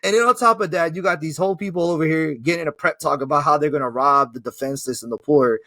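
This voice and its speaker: A man casually recapping an action movie in an excitable, slangy, profane storytelling way. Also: a little high, fast talker, dry recording. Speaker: movie reviewer. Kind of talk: casual film recap chat.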